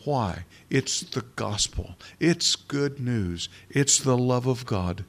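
Earnest male preacher, fervent and halting. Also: mid-range voice, animated. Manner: restarts and halting repetitions. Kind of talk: sermon.

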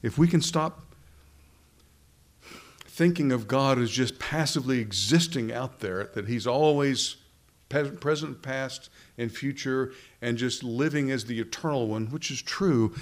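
A man preaching a sermon. He builds to emphatic, slowed phrases when he stresses a point. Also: medium pitch. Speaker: pastor.

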